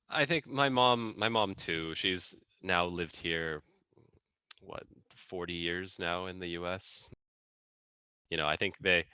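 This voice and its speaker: A man in his thirties talks casually as an interview guest. His voice is low but bright in tone. He circles his points with fillers and restarts. The sound is dry and a little dull, as over a video call. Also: no echo. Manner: chatty, many restarts and fillers. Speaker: guest engineer. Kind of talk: casual conversation.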